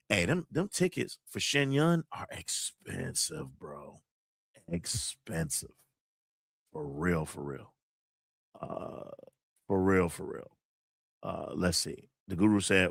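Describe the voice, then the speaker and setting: A man hosts a livestream in casual, slangy talk, rambling and doubling back on his words. His voice sits low but sounds bright and forceful, with a dry, close sound. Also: expressive, a little slow, creaky, long pauses, no echo. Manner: rambling, slangy, repeats phrases. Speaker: host of a kung fu movie livestream.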